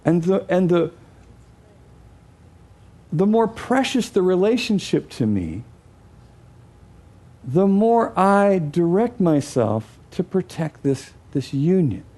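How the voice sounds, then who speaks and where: A man with a high-pitched voice gives a teaching talk to an audience. He is animated and acts out his examples. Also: slow pace, pauses often. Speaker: speaker.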